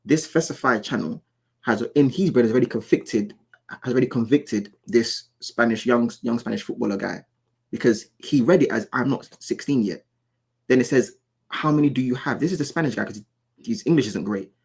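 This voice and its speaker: Gravelly, husky man ranting through commentary. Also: medium pitch, moderate pace, darkish tone. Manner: repeats and restarts words, heated and insistent. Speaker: commentary YouTuber. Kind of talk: casual reaction commentary.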